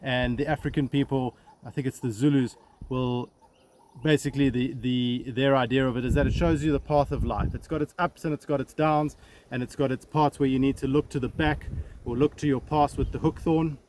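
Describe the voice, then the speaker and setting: A male safari ranger, a native English speaker with a mid-range voice, talks a little fast as he guides viewers through the bush from a vehicle. He's relaxed, chatty, and self-deprecating, using lots of fillers. The outdoor field recording is noisy, with steady background sound.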